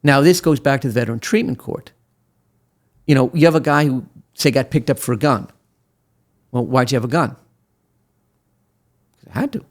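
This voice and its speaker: A man in his sixties from Brooklyn, an attorney telling stories as an interview guest, animated, with many fillers and restarts. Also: mid-range voice, a little fast, pauses often. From Brooklyn, USA. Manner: animated storyteller with many fillers and restarts who acts out quotes. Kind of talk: interview storytelling.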